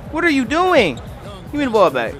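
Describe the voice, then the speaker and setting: A young man calls his basketball video game as he plays, his voice sitting high and swinging all over the place. He reacts in excited bursts and talks trash at the screen. Faint game music and arena crowd noise run underneath. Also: brisk. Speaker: gaming commentator. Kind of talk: live gameplay commentary.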